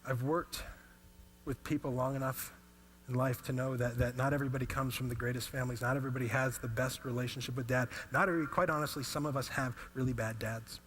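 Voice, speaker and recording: Pastor, man, thirties, bright animated sermon storyteller. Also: mid-range voice, quick pace, a little hiss or hum.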